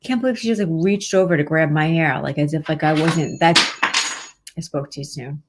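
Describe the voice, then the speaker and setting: A woman with a fairly low voice hosts a live stream as a pet medium. She talks casually and reassuringly, meandering through fillers and restarts. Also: moderate pace, very noisy. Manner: warm-hearted, reassuring, rambling with many fillers.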